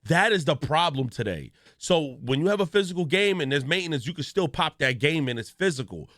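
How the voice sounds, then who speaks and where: A man's voice: fairly high pitch, expressive, brisk, fairly bright tone, no room sound, studio quality. A man, a gaming streamer, giving ranting news commentary in a profane, storytelling way with exaggerated reactions.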